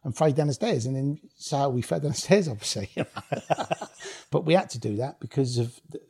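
A man's voice: mid-range voice, expressive, a little fast, gravelly, mellow, breathy edge. A man, telling blunt, swear-filled stories as an interview guest, laughing as he goes. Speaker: guest, former rave promoter. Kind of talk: casual storytelling interview.

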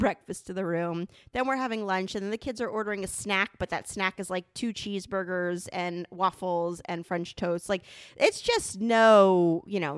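A middle-aged woman on a podcast, telling a funny story in an animated, casual way and swearing freely. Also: mid-range voice, no room sound, studio quality. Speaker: podcast co-host.

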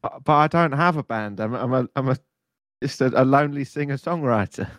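A man's voice: medium pitch, brisk, a bit bright, no room sound, studio quality. Man playing a flustered young singer-songwriter. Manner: stammering and flustered. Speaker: improv player. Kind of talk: improvised comedy scene.

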